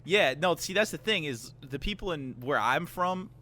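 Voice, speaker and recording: Bright, lively man with a faint hum. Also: a little high, normal speed. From Minnesota, Twin Cities area. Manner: blunt, joking, opinionated. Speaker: podcast guest. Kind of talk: casual podcast chat.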